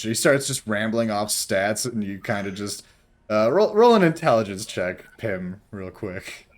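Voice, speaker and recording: A man's voice: fairly low pitch, expressive, measured pace. A young man narrating as game master in a casual tabletop session, rambling loosely with fillers.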